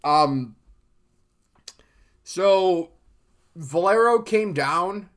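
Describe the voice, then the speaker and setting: A man's voice: sits high, lively intonation, extremely slow, a bit bright. Rambling male golf podcast host. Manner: loose and rambling, many fillers and restarts. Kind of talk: casual solo podcast chat.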